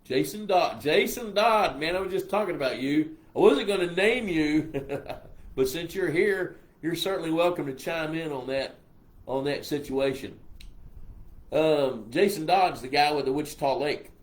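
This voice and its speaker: A man's voice: a little high, normal speed. Folksy older Texan man, rambling. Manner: folksy, rambling, reads comments aloud. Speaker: host answering viewer questions. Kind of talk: casual live-stream chat.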